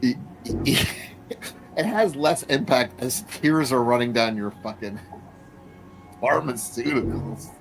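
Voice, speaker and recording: A man's voice: mid-range voice, slow pace, long pauses, soft background music, poor audio. Foul-mouthed mocking male streamer. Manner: profane, mocking, combative. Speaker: streamer reacting to videos. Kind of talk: live reaction commentary.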